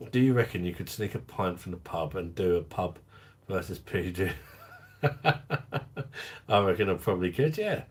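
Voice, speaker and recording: A man's voice: low-pitched, animated, normal speed, pauses often. A man hosting a casual livestream, chatting in a jokey way, laughing often and reading out and answering viewer comments. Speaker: livestream host of a beer review channel.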